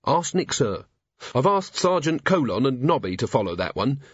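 A man's voice: mid-range voice, sing-song, normal speed, breathy edge, dry recording, dull audio, pitched above the performer's own voice. A man voicing a polite, earnest young male watch captain in an audiobook, deferential to his superior. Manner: deferential, respectful, says sir often.

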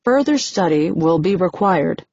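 A woman's voice: on the low side, lively intonation, a little slow, a little mellow, highs cut off. A woman voicing a precise, studious middle-aged man who keeps notes. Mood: curious.

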